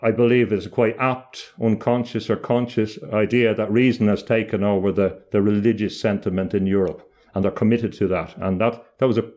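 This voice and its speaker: A man speaking as an interview guest, explaining ideas in a reflective, halting way, often restarting mid-phrase with small pauses. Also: on the low side, fairly even intonation, a little mellow.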